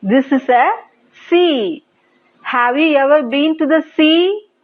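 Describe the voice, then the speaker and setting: A woman with an Indian English accent teaching young children English on TV, prompting them to repeat words and praising them often. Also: sits high. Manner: slow, sing-song prompting with repeated praise. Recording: tinny phone-like broadcast audio.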